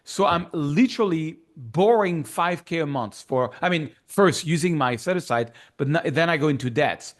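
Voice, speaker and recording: A man's voice: on the high side, lively intonation, normal speed, few pauses. A man with a French accent, a guest in a casual interview, telling his story with animation and acting out remembered dialogue. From France.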